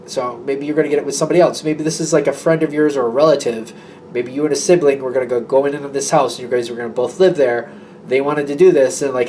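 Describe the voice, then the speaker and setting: Male tarot reader with a somewhat high voice, chatty and meandering, slight background hiss. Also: fast talker, darkish tone. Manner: chatty, rambling, acts out imagined dialogue. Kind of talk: casual tarot reading monologue.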